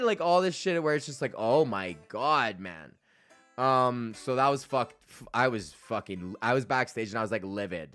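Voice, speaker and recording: A man hosting his own podcast, telling a profane, comedic story and reading his ads with sudden loud shouted bits. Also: mid-range voice, animated, moderate pace. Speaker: podcast host.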